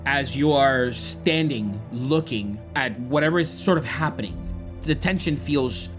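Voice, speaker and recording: A man's voice: medium pitch, a little slow, faint music behind. A man narrating a tabletop game as game master, describing the scene dramatically.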